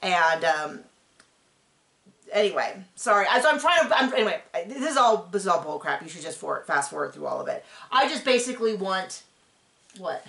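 A middle-aged woman co-hosting a reality show recap, talking in an animated, rambling way and acting out quotes. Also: fairly low pitch, moderate pace, creaky. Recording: echoey room.

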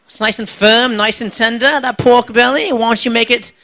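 A man doing a stand-up impression of a smarmy male Australian cooking show judge, with teasing, drawn-out coaxing. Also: very high voice, fairly even intonation, gravelly, sharp tone, pitched above the performer's own voice, full character voice. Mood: suggestive.

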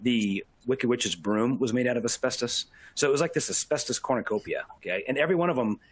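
A man's voice: medium pitch, fast talker, husky. A man giving a casual safety presentation, explaining and warning the audience, checking in with "okay?".

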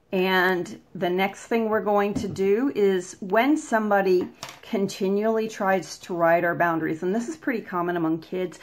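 A woman's voice: medium pitch, steady tone, unhurried. A woman hosting a vlog, giving advice in a casual, conversational way. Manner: conversational, plain-spoken, acts out examples. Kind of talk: casual explanatory talk.

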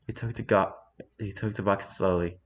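A man with a lowish voice narrating a story aloud. His reading is calm and measured, letting the sentences settle. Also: slight background noise.

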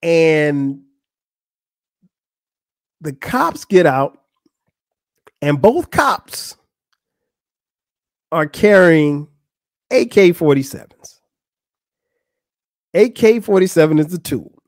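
A man hosting a podcast draws out his words and leaves long pauses while casually recounting a funny story. He acts out the people he quotes with rising pitch, and the studio-quality audio has no room sound.

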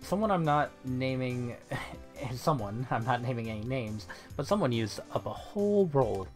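A man voicing a brash, loud Southern woman photographer with an exaggerated drawl. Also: medium pitch, animated, moderate pace, faint music behind, lightly acted. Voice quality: exaggerated drawl, folksy talk.

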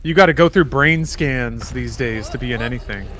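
A man's voice: mid-range voice, moderate pace, fairly bright tone, slight background noise. A man co-playing on a gaming stream, chatting with dry, sarcastic humor. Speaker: guest co-player. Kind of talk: casual gaming stream chat.

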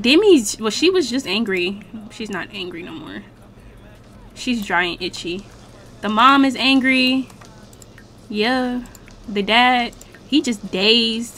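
Young female streamer, talkative and expressive, a bit higher-pitched, relaxed game commentary. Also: a little hiss or hum. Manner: chatty and slangy, reacting loudly to the game. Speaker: gaming channel host. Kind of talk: casual let's-play commentary.

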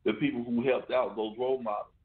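Over a tinny phone line, a man hosts a radio talk show, talking fast and conversationally and often asking "you know what I'm saying". His voice is mid-range with fairly even intonation.

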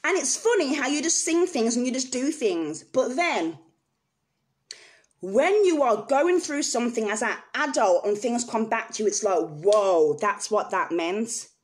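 A woman's voice: sits high, sing-song, moderate pace. Earnest woman telling her story. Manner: earnest and emotional, speaks frankly to viewers. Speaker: vlogger sharing personal experience. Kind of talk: candid personal storytelling to camera.

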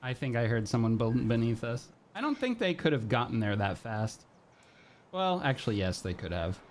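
A young man streaming a game live, talking to his chat in a nervous, excitable way. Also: medium pitch, normal speed, a little hiss or hum.

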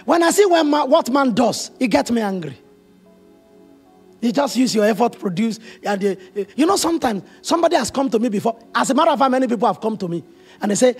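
A man preaching a sermon as pastor, telling stories with emotional, animated quoted dialogue. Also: very high voice, fast talker, breathy edge, soft background music.

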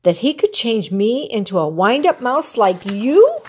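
A grandmother voicing a timid, eager little male mouse in a storybook, speaking high and breathlessly. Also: very animated, a little slow, husky, exaggerated voice.

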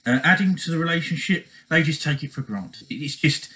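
A man's voice: fairly high pitch, a little fast, pushed and bright, poor audio. A man giving relationship advice in a casual monologue, earnest and repetitive, often checking in with "okay?".

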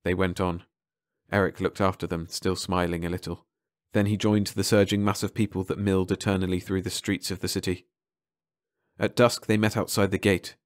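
A man narrating an audiobook in calm, measured scripted narration. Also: deep voice, no room sound.

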